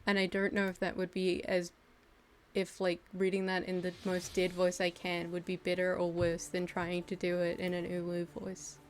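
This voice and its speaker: A woman's voice: on the low side, completely flat delivery, moderate pace, slight background noise. A young woman chatting casually during a group art session, giggling often and mocking herself as she trails off mid-thought. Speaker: group art stream participant. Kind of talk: casual chat.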